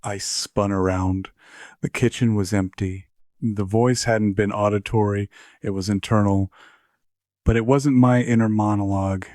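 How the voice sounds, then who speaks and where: A man narrating a scripted horror story in measured, steady storytelling. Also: on the low side, no echo, studio quality.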